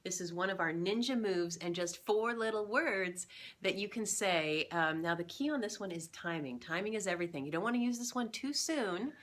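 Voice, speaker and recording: A woman's voice: medium pitch, expressive, normal speed, fairly bright tone. A woman co-hosting a relationship tip video, explaining in an upbeat, casual way with fillers and frequent laughs. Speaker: relationship coach co-host. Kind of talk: casual instructional chat. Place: indoors, home kitchen demonstration.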